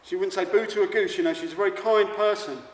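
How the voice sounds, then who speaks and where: A man performing a rambling theatrical monologue on stage, swinging from manic to hushed. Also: high-pitched, quick pace. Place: stage in a large hall. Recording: echoey hall recording from far off.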